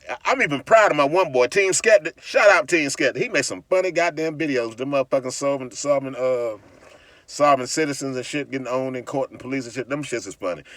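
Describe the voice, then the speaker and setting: In a heated, profane vlog rant, a man mocks his critics, often restarting or repeating words. His mid-range voice has a fairly bright tone, with no echo.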